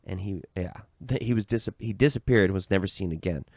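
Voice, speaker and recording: Low-voiced American man chatting. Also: fairly quick, a little mellow, dry recording, clean studio sound. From United States. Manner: loose, hedging with "I think", swearing. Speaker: podcast co-host. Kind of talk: casual chat.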